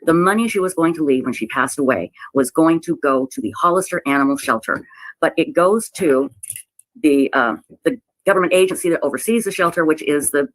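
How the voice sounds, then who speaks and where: A woman telling a personal story in a halting, emotional way, often repeating herself and close to tears. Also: deep voice, no echo, poor audio. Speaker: website owner telling her story. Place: played clip of a livestream.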